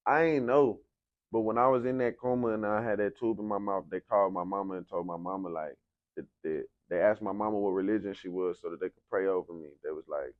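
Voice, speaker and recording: Low-voiced young man telling street stories. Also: steady tone, a little fast, dry recording, narrow, tinny audio. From San Antonio, Texas. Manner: loose, street slang, constant "you know what I'm saying". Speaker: interview guest, rapper. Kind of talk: casual storytelling interview.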